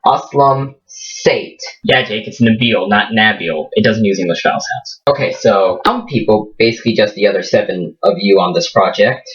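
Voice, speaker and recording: A man's voice: moderate pace, hardly any pauses, lo-fi sound. Chatty young man with an Indian accent. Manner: chatty, with sudden upward pitch jumps on questions. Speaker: collaborative channel vlogger. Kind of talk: casual jump-cut vlog.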